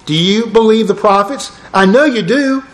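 A man's voice: high-pitched, expressive, normal speed, echoey room, pitched above the performer's own voice, low-quality recording. A man voicing an earnest apostle who boldly defends himself before a king. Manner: earnest, pleading.

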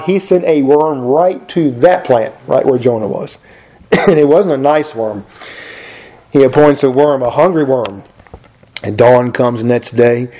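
A man's voice: medium pitch, warm tone. A man preaching a folksy, chatty sermon and often asking his listeners questions.

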